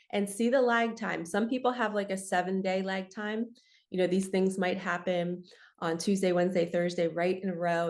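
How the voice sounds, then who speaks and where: A young adult woman, a spiritual coach, giving an earnest, chatty solo talk to her viewers. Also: medium pitch. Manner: earnest, chatty, uses "you guys" and "like". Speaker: spiritual coach and channel host.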